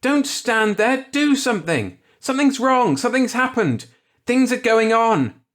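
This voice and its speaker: A man voicing a panicked middle-aged shopkeeper, pleading and shouting in desperation. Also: on the high side, big pitch swings, a little slow, voice pushed up. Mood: frantic.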